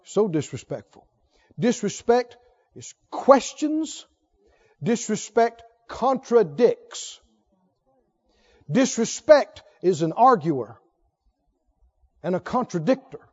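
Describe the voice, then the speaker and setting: A male pastor preaching with a very high, lively voice that rises and falls widely. He keeps asking his listeners questions. The recording is dull and lo-fi. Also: slow, pauses often. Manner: emphatic, asks the congregation questions. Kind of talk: sermon.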